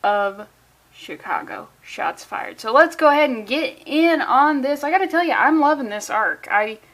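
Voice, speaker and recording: A woman's voice: high voice, animated, normal speed, a bit bright. A woman reviewing a comic book in a casual, sarcastic, rambling way, full of jokey asides. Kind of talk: casual comedic commentary.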